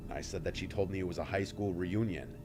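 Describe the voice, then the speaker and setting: Low-voiced man narrating a story. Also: fast. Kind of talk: narrated story read aloud. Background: faint music.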